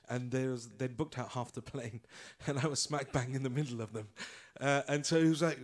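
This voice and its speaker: A man's voice: medium pitch, fairly quick, hardly any pauses. A man from England speaking casually to an audience, telling anecdotes with frequent fillers. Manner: casual, storytelling with filler words. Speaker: guest speaker.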